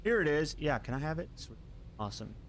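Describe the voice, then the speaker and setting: Excitable streamer guy, slightly high voice. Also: a little fast, slight background noise. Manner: excitable, laughs and swears at the game. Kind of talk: casual live gameplay commentary.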